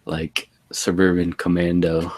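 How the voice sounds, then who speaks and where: A man's voice: low voice, monotone, measured pace. A man co-hosting a casual movie review podcast, wry and joking, laughing often. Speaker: podcast co-host.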